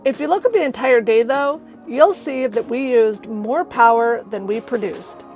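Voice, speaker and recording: A woman, chatting casually as a vlogger and laughing often. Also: on the high side. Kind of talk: casual vlog narration.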